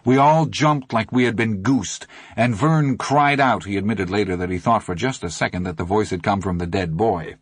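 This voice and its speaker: A man narrating an audiobook in a steady, measured way. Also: lowish voice, breathy edge, no echo, clean studio sound.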